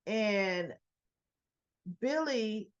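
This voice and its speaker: A woman's voice: medium pitch, animated, extremely slow, smooth, dull audio. A woman recapping a soap opera episode in a casual retelling, acting out the characters' lines with chatty asides.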